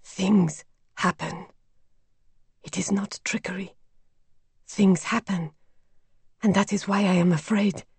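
A woman voicing an elderly French housekeeper who speaks in hushed, fearful tones in a storybook reading. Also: mid-range voice, animated, normal speed, creaky, slightly rough, no room sound, full character voice. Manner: hushed, superstitious, awed.

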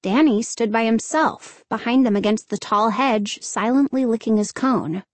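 A woman narrating a children's novel in a measured storytelling delivery. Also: a little high, no echo. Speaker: audiobook narrator. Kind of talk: scripted narration.

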